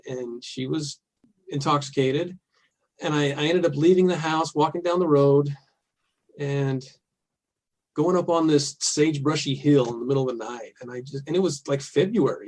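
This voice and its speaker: Earnest man telling a personal story. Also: fairly high pitch. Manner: halting, earnest, with frequent restarts and soft laughs. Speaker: podcast guest.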